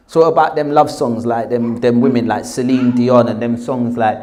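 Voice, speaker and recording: A man's voice: mid-range voice, brisk, a little mellow. A British man telling his own conversion story, acting out dialogue and repeating phrases for emphasis. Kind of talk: personal storytelling.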